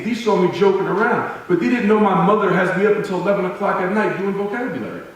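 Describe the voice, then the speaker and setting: A man's voice: fairly high pitch, recorded from a distance, slight background noise. Man telling stories in an echoey hall. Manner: humorous, self-deprecating storytelling with dramatic pauses. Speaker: motivational speaker. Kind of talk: personal storytelling speech to an audience.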